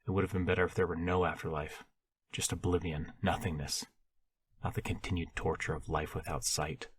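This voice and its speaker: A man's voice: low voice, flat delivery, brisk, slightly rough. Man playing a bitter blind young man, sarcastic and raised, audiobook.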